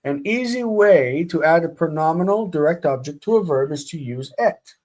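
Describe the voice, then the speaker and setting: A man teaching a live-streamed grammar lesson, speaking deliberately and repeating words for students to drill. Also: fairly high pitch, lively intonation, darkish tone. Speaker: Hebrew teacher.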